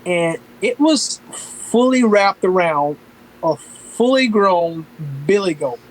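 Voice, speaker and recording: A man from Northeast Florida, a podcast guest telling stories in a relaxed, casual way with lots of fillers. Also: sits high, takes it slowly, low-quality recording. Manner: relaxed storytelling with many fillers. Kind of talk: casual conversation.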